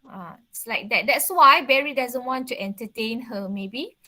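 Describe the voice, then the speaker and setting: High bright-voiced Malaysian teacher. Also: female voice, moderate pace. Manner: explains by mixing English and Malay, asks checking questions. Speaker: English literature teacher. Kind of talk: online class teaching.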